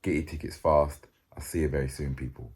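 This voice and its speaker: A man's voice: a bass voice, steady tone, a little fast, a little mellow. A young man, chatting to camera in a casual, joking, slang-filled way. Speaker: vlogger.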